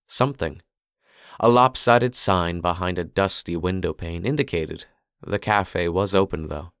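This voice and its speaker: A man reading audiobook narration in a measured, steady way. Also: deep voice, clean tone, dry recording, studio quality.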